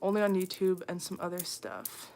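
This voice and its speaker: A woman's voice: lowish voice, animated, moderate pace, creaky, darkish tone. A young woman hosting a casual livestream, chatting with viewers, reading their comments aloud, with frequent ums and laughs. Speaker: livestream host.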